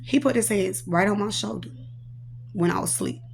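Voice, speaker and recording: A woman's voice: mid-range voice, moderate pace, vocal fry, a little hiss or hum. A woman, a prophetess, telling her personal testimony with earnest emotion, recounting it through quoted dialogue.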